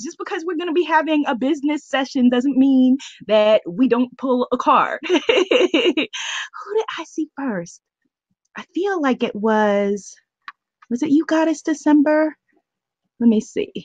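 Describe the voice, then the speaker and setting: A woman's voice: high voice, a bit bright, no echo, highs cut off. A woman hosting a live online planning call. She cheers, greets each viewer by name and laughs often.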